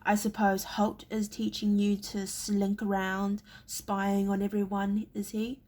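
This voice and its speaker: A woman reading aloud, voicing a boastful, bullying teenage boy who is training as a warrior, in a louder, sneering tone. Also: medium pitch, completely flat delivery, measured pace, close to an everyday voice. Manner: sneering, louder than the narration.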